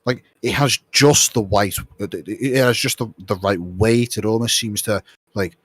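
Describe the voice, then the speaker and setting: A man running a tabletop game as game master, narrating in a halting way with many restarts. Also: fairly low pitch, a bit bright, slightly rough, no room sound.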